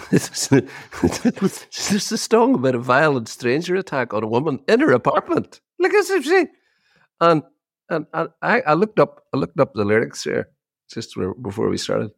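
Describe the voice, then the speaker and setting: Gravelly man telling stories. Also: medium pitch, no room sound, clean studio sound. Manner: animated storyteller, repeats words when starting sentences. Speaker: podcast co-host. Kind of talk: casual chat.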